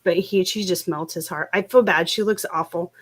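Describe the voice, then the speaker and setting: A woman's voice: lowish voice, normal speed, fairly bright tone. A middle-aged woman hosting a casual craft livestream, telling stories with frequent laughs and restarts. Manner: chatty storyteller, laughs often, many restarts. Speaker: livestream host.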